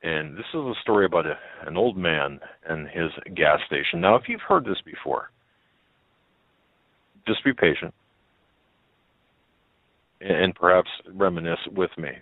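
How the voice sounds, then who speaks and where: A man reading a story aloud as a radio host, in a halting way with many fillers and restarts. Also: deep voice, lively intonation, dry recording. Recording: tinny phone-like line.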